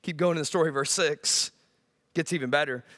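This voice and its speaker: A male pastor preaching a sermon in an animated, joking way, often asking the congregation questions. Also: a little high, a little fast.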